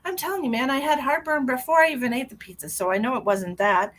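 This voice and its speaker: A woman's voice: sits high, quick pace, fairly bright tone, a little hiss or hum. A middle-aged woman, a psychic medium, chatting casually on a live stream and telling a story. She laughs often and greets viewers by name.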